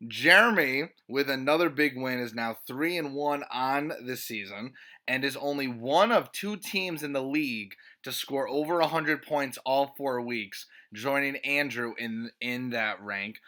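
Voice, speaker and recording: Guy hosting a fantasy league recap, sarcastic, swears a lot, really lively bright voice. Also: mid-range voice. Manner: sarcastic, excitable, profane, with swings between flat and loud disbelief. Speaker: fantasy football league host. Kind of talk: comedic sports recap.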